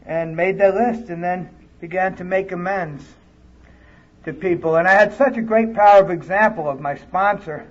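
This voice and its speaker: A man's voice: high voice, moderate pace. A man speaking candidly at a recovery conference, telling his story in plain, earnest words. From California. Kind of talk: personal recovery talk. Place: conference hall, live audience. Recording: dull lo-fi tape recording.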